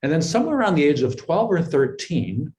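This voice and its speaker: A man's voice: fairly high pitch, sing-song, fairly quick, darkish tone, a little hiss or hum, low-quality recording. A middle-aged man, a guest in an interview, telling his life story in an earnest, reflective way, often repeating words as he thinks. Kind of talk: conversational storytelling.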